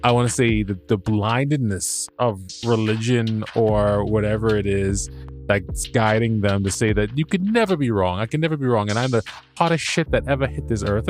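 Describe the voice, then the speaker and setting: Faint music plays behind a man with a lowish, lively voice speaking at normal speed. As a podcast host reviewing a show, he rambles casually, stumbles and restarts, swears a lot, and laughs at his own expense.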